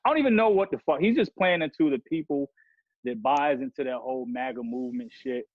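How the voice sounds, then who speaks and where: A man's voice: medium pitch, animated, brisk, dry recording. A man ranting heatedly and profanely on a podcast, rambling from one grievance to the next. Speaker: podcast guest rapper. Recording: dull lo-fi sound.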